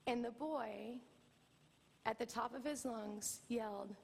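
A middle-aged woman pastor preaching a sermon, telling a family story with lively, animated delivery. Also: fairly high pitch, slow, creaky, slightly rough, in a large hall. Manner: storytelling, animated, acts out quoted voices. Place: church.

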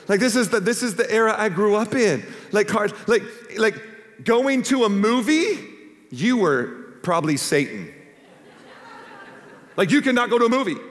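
High-voiced pastor preaching in a reverberant hall. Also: male voice. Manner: animated, humorous, addresses the congregation with questions. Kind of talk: sermon. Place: church stage before a live congregation.

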